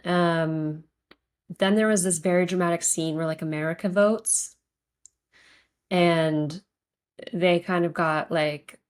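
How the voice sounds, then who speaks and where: A woman co-hosting a podcast, talking in a casual, thoughtful way with many fillers. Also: fairly low pitch. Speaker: podcast co-host. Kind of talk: casual chat.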